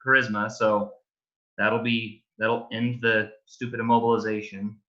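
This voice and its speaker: A man's voice: on the low side, little pitch movement, pushed and bright. A man playing a tabletop game who eagerly announces his moves. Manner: eager, brisk. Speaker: player. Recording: muffled lo-fi mic.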